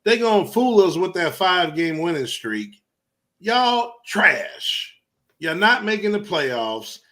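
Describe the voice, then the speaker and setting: A man with rants hotly about rival fans on a casual podcast. His pitch sits a little high and moves a lot, and he swears freely. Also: big pitch swings, slow pace, sharp tone. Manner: heated, profane, emphatic ranting. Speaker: podcast co-host. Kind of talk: casual sports rant.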